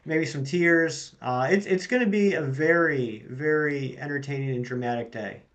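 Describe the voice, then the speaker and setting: A man's voice: on the high side, moderate pace, fairly bright tone. A man hosting a live game stream, chatting casually and reading his viewers' messages aloud. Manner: easygoing, reads chat aloud and answers it. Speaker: streamer host.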